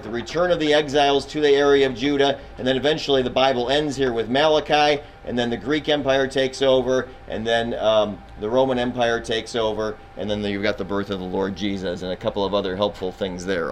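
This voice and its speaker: A man's voice: medium pitch, slight background noise, poor audio. Man teaching an informal Bible class. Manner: conversational, quizzes the class, frequent restarts. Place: classroom with students.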